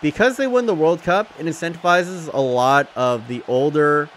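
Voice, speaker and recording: A man's voice: a little high, moderate pace, fairly bright tone, slight background noise. A young man streaming, talking casually and rambling to his chat, often swearing. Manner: rambling, chatty, profane, laughs at chat.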